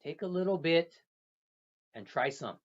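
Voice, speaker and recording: A storyteller voicing a small, kind fern spirit that calls out gently and offers its roots. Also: mid-range voice, expressive, a little slow, pitched above the performer's own voice. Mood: encouraging. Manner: soft, beckoning, then encouraging. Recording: dull lo-fi recording.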